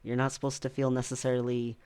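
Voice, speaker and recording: A man's voice: medium pitch, completely flat delivery, fast talker, a little mellow, clean tone. Laid-back man rambling through a vlog. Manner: rambling, many ums, laughs often. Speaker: vlogger. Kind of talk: casual personal vlog.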